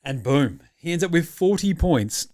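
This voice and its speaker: A man's voice: fairly high pitch, animated, measured pace, darkish tone, dry recording, studio quality. An Australian man hosting a casual sports reaction podcast, talking in a blunt, jokey, profane way. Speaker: podcast host.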